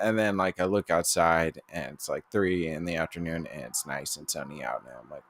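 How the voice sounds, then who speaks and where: A man's voice: deep voice, moderate pace, a bit bright. A young man co-hosting a podcast in casual chat, rambling with lots of fillers and cursing. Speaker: podcast co-host.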